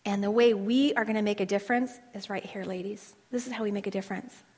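A woman teaching a women's Bible study with passion, swinging between loud declarations and hushed asides and asking her listeners questions for a response. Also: mid-range voice, fairly even intonation, fast talker, husky, long reverb tail. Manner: asks the audience questions for response. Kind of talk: passionate sermon.

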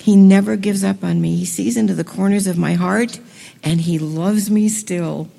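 A woman giving an enthusiastic talk to a women's gathering, moving between hushed, slow passages and excited bursts. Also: mid-range voice, creaky. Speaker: speaker at a women's event. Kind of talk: sermon. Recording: long reverb of a hall.

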